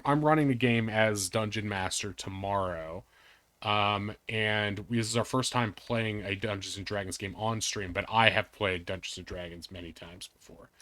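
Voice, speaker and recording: A man's voice: on the low side, fairly bright tone, dry recording. A man hosting a live game stream, chatting and joking with friends and viewers. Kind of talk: casual live-stream chat.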